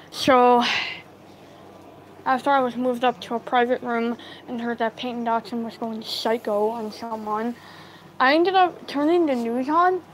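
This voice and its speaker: Woman with a really high voice telling a storytime, rambly, lots of "i'm like", faint hiss behind. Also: poor audio. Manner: rambling, acts out quoted dialogue; filler-heavy retelling, lots of "I'm like". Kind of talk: casual storytime.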